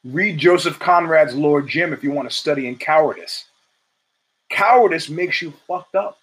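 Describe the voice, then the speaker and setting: A man's voice: moderate pace, a bit bright, slightly rough, poor audio. A man hosting his own show, talking casually in a rambling monologue full of asides, restarts and swearing, acting out quotes in a raised voice. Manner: acts out quotes in a raised pitch. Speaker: podcast host.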